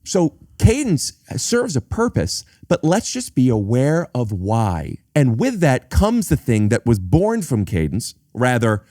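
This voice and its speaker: A man hosting a podcast in casual chat, musing in an animated way and often restarting his sentences. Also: medium pitch, unhurried, hardly any pauses, no room sound, studio quality. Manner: animated, musing, self-interrupting. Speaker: podcast host. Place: indoor home setting.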